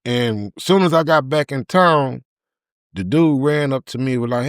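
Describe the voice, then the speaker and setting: A man, a podcast guest telling a candid personal story in an emotional, halting way with many repeated words. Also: mid-range voice, smooth, dry recording, clean studio sound.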